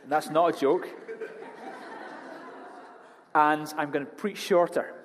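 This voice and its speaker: A man preaches in a church hall, his voice slightly higher than most men's. His delivery is animated and jokey as he tells stories. A long reverb trails each phrase. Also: slow, crowd noise. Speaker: pastor. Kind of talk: sermon.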